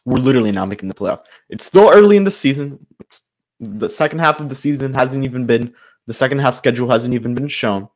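A man's voice: medium pitch, fast. A man hosting his own sports channel, giving a frustrated, loosely improvised commentary rant full of restarts.

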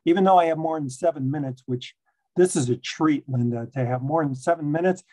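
A man from Chicago giving a casual presentation over a video call as a guest speaker, relaxed and joking at his own expense. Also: a little high, fairly quick. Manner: relaxed, joking, self-deprecating.

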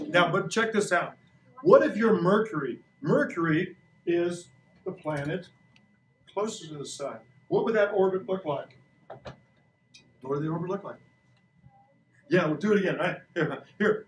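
A man's voice: high voice, a little hiss or hum. Playful man in his sixties teaching. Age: 60s. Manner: playful, joking, asks kids questions. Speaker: science teacher. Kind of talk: classroom science demo. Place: school classroom. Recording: echoey classroom recorded from a distance.

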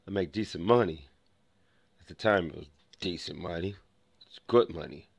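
A man's voice: deep voice, normal speed, creaky, slightly rough. A young man vlogging, telling a rambling personal story full of restarts and acted-out dialogue. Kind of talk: casual storytelling to camera.

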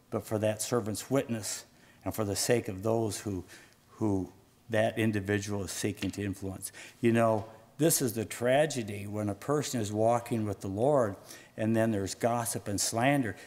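A man preaching a sermon as pastor, reading scripture with rising fervor and dropping low and soft on solemn points. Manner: rises in pitch and volume when reading scripture aloud.

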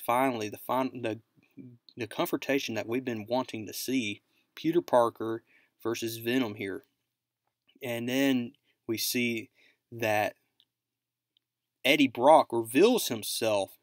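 A man's voice: mid-range voice, no echo, studio quality. A man narrating a casual comic book recap as a channel host, rambling and leaning on fillers like "basically" and "like".

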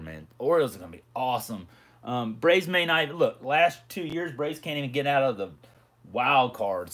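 A middle-aged man hosting a casual livestream, chatting and reading viewer comments aloud. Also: mid-range voice. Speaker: livestream host.

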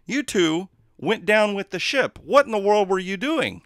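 A man voicing a folksy, flustered rural pickup truck driver in a told joke, speaking up louder and higher than his own talk. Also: quick pace, no room sound, clean studio sound, natural voice. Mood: incredulous.

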